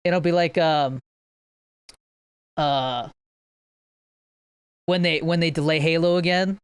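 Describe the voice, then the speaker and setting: His voice is a little high, slow and smooth, captured in a dry recording. A young co-host on a friends' podcast, he wanders through movie talk with plenty of laughter and acts out scenes in fun impressions.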